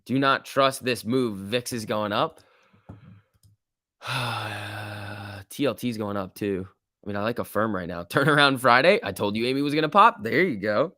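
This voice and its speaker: A man hosting a casual livestream, giving excitable running commentary and answering chat. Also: on the low side, moderate pace, no room sound, clean studio sound. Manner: excitable, reacts aloud and reads chat. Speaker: livestream host. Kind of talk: casual live market commentary.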